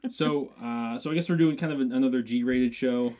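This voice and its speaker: A man's voice: mid-range voice, normal speed, warm tone. A man co-hosting a podcast who rambles through casual chat. He laughs easily and fills his sentences with "uh" and "like". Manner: rambling, laughs often, many fillers. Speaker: podcast co-host.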